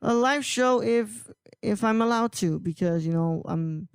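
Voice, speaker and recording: High-voiced smooth male podcast host. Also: unhurried, dry recording. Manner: rambling, laughs often, many restarts. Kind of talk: casual podcast chat.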